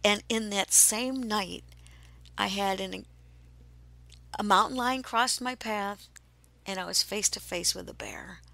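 A woman hosting a podcast, telling a personal spiritual story in a slow, hushed way that often drops to a breathy whisper. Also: medium pitch. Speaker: podcast host.

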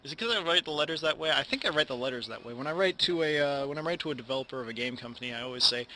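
A man's voice: medium pitch, animated, very fast, few pauses, pushed and bright, a little hiss or hum. A young man, a YouTube channel host, talking casually to camera in a home recording, rambling and mumbling at times, with many false starts and retakes. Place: indoors at home, in front of a camera.

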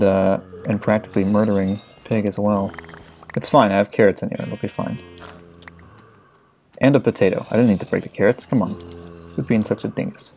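In casual gameplay commentary, a young man playing a video game lets loose with frantic, profanity-laced remarks. He's a let's play gamer with a fairly low, mellow voice, and there's slight background noise.

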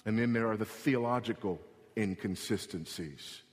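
A man preaching a sermon as pastor, emphatic, repeating his key points and rising in pitch when he presses them. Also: moderate pace. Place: church sanctuary. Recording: long hall reverb.

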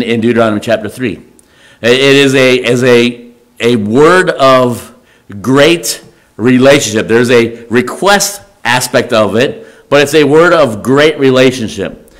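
A man as pastor, preaching a conversational sermon in a church, often restarting and halting over his words. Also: medium pitch. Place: church sanctuary.

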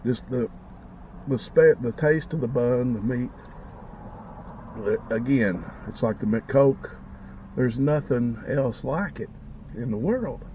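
A man's voice: mid-range voice, slow, long pauses, slight background noise. A man vlogging casually as he eats, savoring each bite and talking with his mouth full, on a dull lo-fi recording. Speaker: food vlogger. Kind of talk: casual eating vlog.

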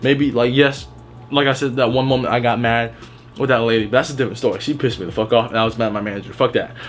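A man's voice: mid-range voice, fairly even intonation, fast talker. Blunt, foul-mouthed young man ranting. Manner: blunt, heavily profane, rambling with restarts. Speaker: retail worker telling stories. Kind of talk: casual storytime vlog.

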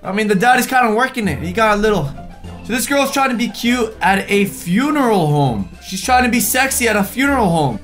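A man's voice: sits high, expressive, brisk, a bit bright, soft background music. A young man hosting a reaction video, chatting casually and joking, now and then putting on mocking voices for the people in the photos.

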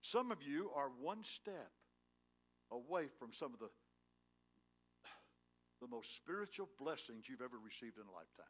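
A male pastor delivers a sermon in a church sanctuary. His voice sits at an ordinary middle pitch for a man, but his loudness swings widely between emphatic declarations and hushed, intimate passages. He keeps drawing in the congregation with pointed questions. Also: very animated, normal speed, long pauses. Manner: swings between loud emphatic lines and hushed tender ones.

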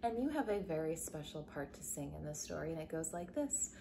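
Teaching young kids through a recorded music lesson, this woman has a gravelly voice and a playful sing-song style, leaping between pitches as she explains patiently and encouragingly. Background noise is present.

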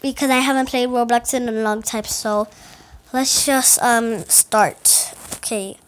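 A woman's voice: fairly high pitch, fairly even intonation, measured pace. A woman chatting playfully through a gameplay video, rambling and talking to herself as she plays. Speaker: gaming video creator. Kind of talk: casual gameplay commentary.

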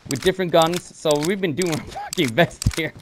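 A man's voice: a little high, brisk, noisy background. A man chatting with his teammates in game voice chat, boisterous, rambling and swearing freely.

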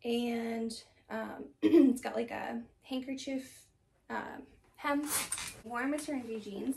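A woman's voice: on the high side, steady tone, slow pace, gravelly, recorded from a distance, noisy background. A young woman chatting casually at home about her thrift haul, rambling and laughing often. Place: home room.

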